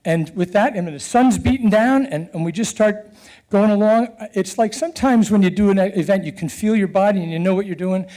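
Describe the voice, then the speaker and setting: A middle-aged man telling a personal story in an earnest, animated way, with chuckles and halting restarts. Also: sits high.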